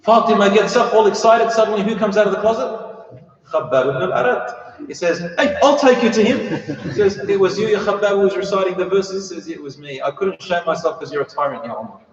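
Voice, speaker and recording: A man with a fairly high voice tells a sermon story, putting on the voices of the people in it. He sounds far from the mic, and the sound is muffled. A long, roomy echo hangs behind every word. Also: fast talker. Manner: acts out the characters' voices in the story. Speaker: speaker giving a talk. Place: mosque hall. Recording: far-off roomy hall recording, dull and muffled.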